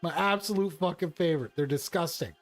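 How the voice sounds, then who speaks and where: A man chatting casually and excitedly about tabletop gaming, swearing, laughing and tossing in "bro" and "right". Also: a little high, a little fast, dry recording, faint music behind.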